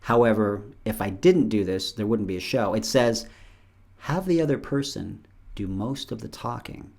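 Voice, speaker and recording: A man's voice: fairly low pitch, normal speed, vocal fry, darkish tone. Chatty man acting out little dialogues. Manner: chatty, acts out dialogue with playful voices. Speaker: show host. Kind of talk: casual solo monologue.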